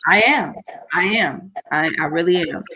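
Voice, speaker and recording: A woman guest in a casual group discussion, speaking softly and deliberately. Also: on the low side, a little hiss or hum. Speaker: panel guest.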